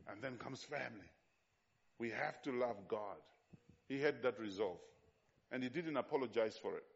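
A man's voice: mid-range voice, moderate pace, gravelly, muffled recording. A man preaching a sermon as pastor, emphatic and repetitive, often putting questions to his congregation.

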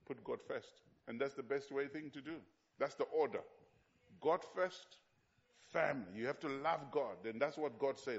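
A male pastor delivering a sermon with emphasis, circling back on his phrases and posing questions to the people in front of him. His voice sits at a middling pitch. The recording is muffled and lo-fi. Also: moderate pace, creaky. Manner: emphatic, repetitive, with rhetorical questions to the congregation.

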